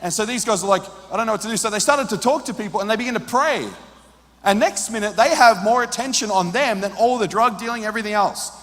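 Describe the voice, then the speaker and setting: A male preacher tells a story from the pulpit, slightly high in pitch. He drops to a hushed near-whisper, then climbs to loud, urgent peaks. His voice rings with the long reverb of a large hall. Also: fast. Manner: drops to hushed quiet in tender moments. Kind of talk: sermon storytelling.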